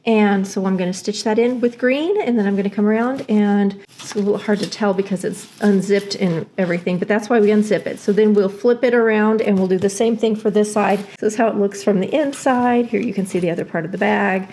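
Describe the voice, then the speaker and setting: A woman's voice: medium pitch, a little fast, warm tone. Chatty woman hosting a sewing tutorial. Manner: chatty and self-deprecating, with many fillers. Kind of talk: casual step-by-step sewing demonstration.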